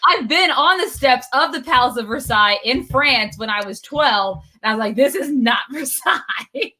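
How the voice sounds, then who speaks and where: A woman's voice: fairly high pitch, normal speed, bright, forceful tone. A woman co-hosting a TV review livestream, chatting casually and laughing often. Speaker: co-host of a TV review show.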